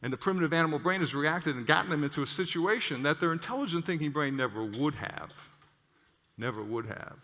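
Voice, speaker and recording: A male clinician giving an animated lecture with stories, often checking in with "okay?". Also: fairly high pitch, a little fast. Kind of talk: lecture with storytelling. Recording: long hall reverb.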